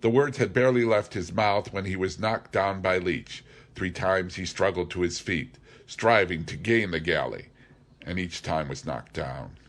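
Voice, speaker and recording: A man reading a classic novel aloud as narrator, in a measured, deliberate way. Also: low voice. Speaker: audiobook reader.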